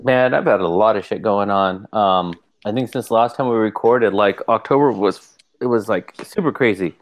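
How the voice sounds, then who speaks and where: A man co-hosting a podcast, chatting casually and telling lively stories, voicing the people in them with sudden jumps in pitch. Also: normal speed. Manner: animated storyteller, mimics people with pitch jumps. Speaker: podcast co-host.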